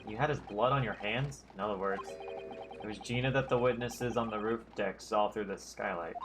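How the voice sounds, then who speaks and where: A man voicing an earnest young male defense lawyer, reading his lines in a steady, probing way. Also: fairly low pitch, normal speed, noisy background, pitched below the performer's own voice, natural voice. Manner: steady questioning. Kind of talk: game dialogue read aloud on a stream.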